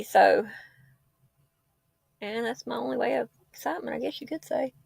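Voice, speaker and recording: A woman's voice: a little high, normal speed, gravelly, darkish tone, husky, no echo. A woman, rambling and heartfelt in a tearful casual livestream chat. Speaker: livestream host. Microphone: laptop or phone mic.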